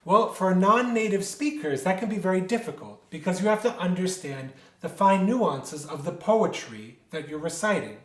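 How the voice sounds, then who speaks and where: Guy teaching a music lesson, kinda high voice, explains stuff step by step, roomy echo. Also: expressive, moderate pace, hardly any pauses, fairly bright tone. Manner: explanatory, poses rhetorical questions and answers them. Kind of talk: instructional lecture.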